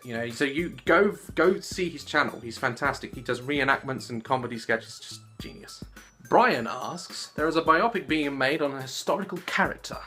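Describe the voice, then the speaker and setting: A man in his late twenties answers fan questions to camera in a casual, giggly, animated way. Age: 20s. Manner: giggly and animated, jumping into squeaky voices. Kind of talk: casual Q&A vlog. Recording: soft music playing underneath.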